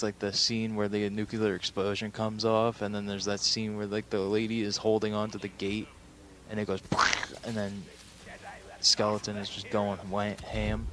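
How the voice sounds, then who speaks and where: A man's voice: fairly low pitch, a bit bright, a little hiss or hum. A sleep-deprived young man recapping a film in a rambling, profane way, full of fillers. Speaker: film reviewer.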